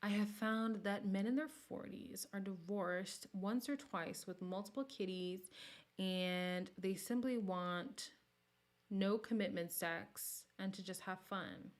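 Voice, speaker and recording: A woman hosting a casual livestream, reading viewer comments and talking frankly, her voice jumping from loud outbursts to soft near-whispers. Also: mid-range voice, takes it slowly. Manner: candid and sassy, swings between loud bursts and near-whispers. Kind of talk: casual chat.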